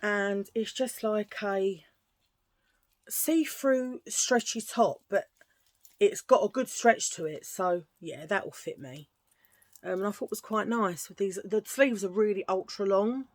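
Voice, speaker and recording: A woman's voice: mid-range voice, unhurried, no echo. A woman chatting casually through a thrift-shop haul at home, gushing and rambling with restarts. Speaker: vlogger showing a thrift haul.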